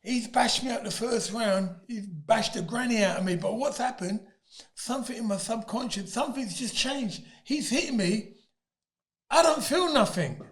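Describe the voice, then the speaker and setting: Brief: man in his fifties, a high, lively storyteller who laughs often. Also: moderate pace. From Britain. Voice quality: laughs often mid-story, loud emphatic bursts. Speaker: guest. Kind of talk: animated storytelling.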